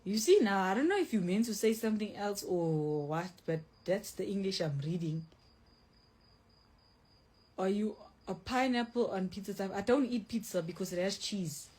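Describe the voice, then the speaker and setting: A woman's voice: mid-range voice, normal speed, darkish tone, husky. A young woman hosting a casual livestream from home, reading viewer comments aloud and answering them bluntly, often saying like. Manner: blunt, self-described mean, says like often. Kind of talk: casual live chat.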